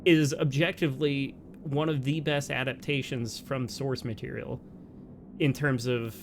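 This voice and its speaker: A man's voice: medium pitch, a little slow, slight background noise. A man co-hosting a let's play, chatting casually and laughing often, with lots of "like"s between his points. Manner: animated, laughs often, talks in bursts with many "like"s. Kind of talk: casual gameplay commentary.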